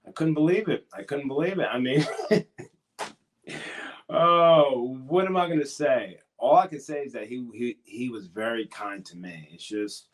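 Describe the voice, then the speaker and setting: A man's voice: mid-range voice, normal speed, slight background noise. A man wrestler recalling things hesitantly in an interview. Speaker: wrestler guest. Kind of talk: casual interview talk.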